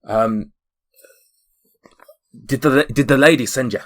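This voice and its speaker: A man's voice: on the low side, moderate pace, fairly bright tone, breathy edge. A man voicing a grateful, earnest male dwarf who stammers and repeats his words.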